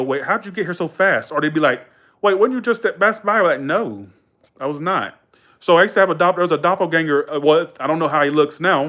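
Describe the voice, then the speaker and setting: A young man talks casually to his viewers, rambling and correcting himself as he goes. His voice sits a touch high for a man. He drops into quoted dialogue and keeps a loose, colloquial flow. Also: sharp tone. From Georgia, USA. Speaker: live streamer chatting with viewers. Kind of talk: casual chat and storytelling.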